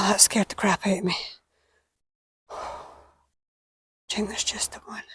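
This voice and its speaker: A woman with a British accent hosting a gardening vlog outdoors at an allotment, talking to camera and often dropping to a hushed whisper. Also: mid-range voice, a little fast, pauses often, slightly rough. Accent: British English. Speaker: gardening channel host. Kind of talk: casual vlog talk to camera. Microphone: small clip-on microphone.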